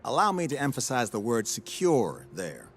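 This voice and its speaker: An actor playing a cautious, serious security advisor in a video game, speaking in a measured, warning tone. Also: male voice, medium pitch, wildly swooping pitch, a little hiss or hum. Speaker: park advisor character. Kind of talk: scripted game voice acting.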